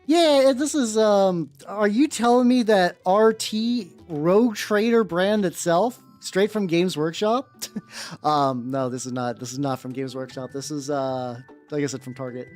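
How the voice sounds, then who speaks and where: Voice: medium pitch, measured pace, darkish tone, faint music behind. A streamer chatting casually while painting miniatures, rambling, greeting viewers and swearing now and then. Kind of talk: casual livestream chat.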